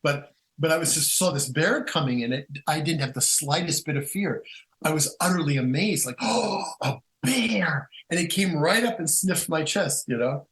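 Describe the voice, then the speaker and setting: A man's voice: a little high, moderate pace, low-quality recording. Rambling man telling stories as a guest. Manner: rambling, many restarts and asides; animated, acts out quotes in storytelling. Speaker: guest author. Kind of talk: casual conversational storytelling.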